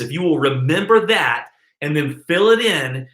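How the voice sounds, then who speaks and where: A man giving an emphatic, energetic network marketing training talk straight to his viewers. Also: on the high side, moderate pace, reverberant.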